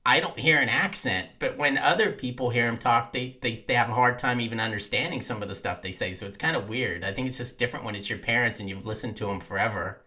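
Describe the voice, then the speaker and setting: A man with a very bright, sharp-edged voice hosts a relaxed podcast chat. He tells easygoing stories with dry humor at a middling pitch. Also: fast talker, few pauses. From Australia, raised in the United States. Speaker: podcast host.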